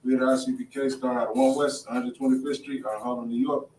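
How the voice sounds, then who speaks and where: Man, brisk announcement reading, matter-of-fact, distant mic, faint noise. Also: mid-range voice, level tone, a little mellow, echoey room.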